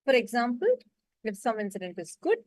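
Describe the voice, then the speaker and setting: A woman's voice: a little high, sing-song, fairly quick, no echo, low-quality recording. Give me a patient woman guiding an online class. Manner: patient, repeatedly checks the audience understands. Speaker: meditation session facilitator. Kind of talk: guided instruction to an online class.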